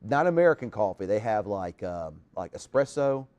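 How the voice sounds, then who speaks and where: Man, host, casual chat, low voice, very lively intonation, rambling. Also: normal speed. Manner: chatty, rambling, with lots of restarts. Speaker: live show host.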